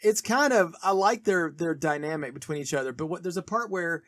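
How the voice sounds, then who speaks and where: A man's voice: fairly high pitch, fairly quick, no room sound, studio quality. A man co-hosting a podcast, casually discussing a film and eagerly sharing trivia. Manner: chatty, trivia-heavy, animated retelling. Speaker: podcast co-host.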